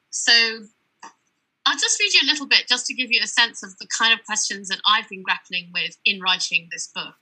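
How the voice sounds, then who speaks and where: Woman author chatting thru a talk, very bright voice, bit husky, lots of ums and side notes. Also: medium pitch, rough recording. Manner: chatty and digressive, with frequent fillers and asides. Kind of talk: conference talk with reading from her book.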